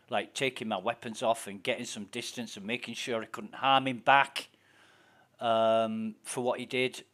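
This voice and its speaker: A man's voice: mid-range voice, fairly bright tone. A man with a Yorkshire accent chatting casually while streaming a game, telling rambling stories and swearing often. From Yorkshire, England. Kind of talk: casual chat while gaming.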